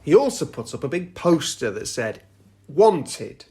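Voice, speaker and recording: A man's voice: a little high, sing-song, normal speed, darkish tone. A man hosting a podcast, casually retelling a story with loose, sweary asides and frequent "right?" check-ins. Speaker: podcast host.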